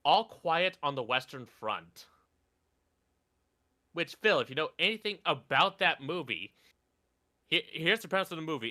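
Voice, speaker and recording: A man's voice: a little high, bright, forceful tone. A man co-hosting a reaction commentary, ranting indignantly with plenty of swearing. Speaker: co-host.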